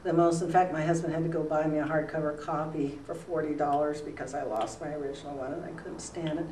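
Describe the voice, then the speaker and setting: Older woman interviewee, low-pitched, chatty and rambling; roomy, far-off mic, faint hiss. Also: fairly even intonation, fast. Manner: rambling, warm anecdotes with many fillers. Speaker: interviewee, retired newspaper columnist. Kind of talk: relaxed storytelling in an interview. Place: school room.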